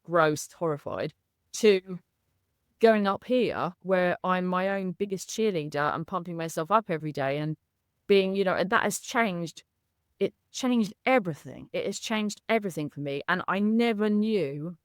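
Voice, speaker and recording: A woman's voice: fairly low pitch, animated, normal speed, clean tone, dry recording, clean studio sound. A woman speaking as a guest in a candid interview, effusive and emotional, laughing often. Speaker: coaching client, guest.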